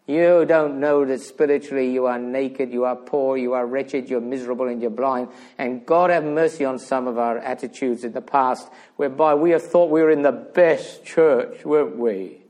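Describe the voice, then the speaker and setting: A man preaching a sermon in a church, animated, full of rhetorical questions, swinging between loud emphasis and hushed asides. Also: a little high, normal speed.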